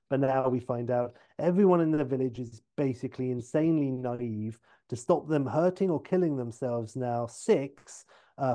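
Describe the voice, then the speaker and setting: A man casually retelling a TV episode idea in a loose, rambling storytelling pitch. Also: warm tone. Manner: loose, filler-heavy retelling. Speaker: podcast host pitching a TV episode.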